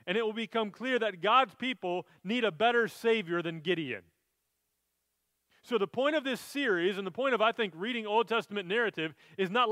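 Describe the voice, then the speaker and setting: Man, high-pitched, earnest preaching, scripture reading, dry sound. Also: bright, forceful tone, dry recording. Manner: earnest, reads scripture aloud then explains it. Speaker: pastor. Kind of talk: sermon.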